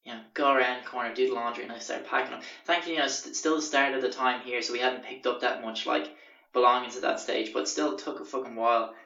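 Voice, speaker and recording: A young man casually telling a profane, animated anecdote on a podcast. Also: medium pitch, fast, far from the mic. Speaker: podcast host. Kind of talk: casual storytelling. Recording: roomy, dull lo-fi recording.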